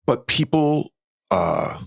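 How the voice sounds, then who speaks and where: A man's voice: sing-song, slow pace, creaky, breathy edge, no echo, clean studio sound. A middle-aged man chatting as a podcast guest, telling stories and acting out what people said. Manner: chatty storyteller, acts out quotes in a higher voice. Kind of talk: casual conversation.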